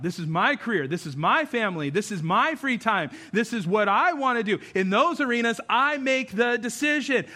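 A man preaching a sermon to his congregation as pastor, animated, moving between loud emphasis and low, quiet tones. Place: church sanctuary.

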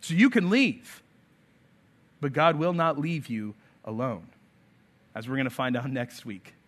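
A man's voice: mid-range voice, a little slow, a bit bright. A male pastor delivering a sermon emphatically, acting out quoted voices as he preaches.

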